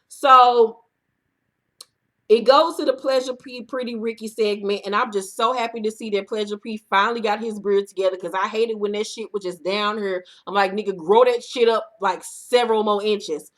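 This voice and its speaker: A woman recapping a reality TV episode in casual, profane commentary, acting out the cast in loud bursts. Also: medium pitch, fairly even intonation, moderate pace.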